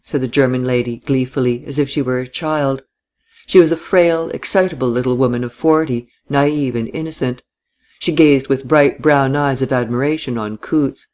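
Male audiobook narrator, measured and steady, mid-pitched. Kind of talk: scripted narration of a classic novel.

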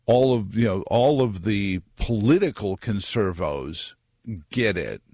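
A man talks through a radio monologue in a low, easy voice, cracking asides as he goes. His delivery is casual and conversational, and it drifts off on tangents. The sound is dry and close, with no room around it. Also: expressive, slow pace, a little mellow, husky, dry recording. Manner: joking, digressive, conversational. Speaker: talk radio host.

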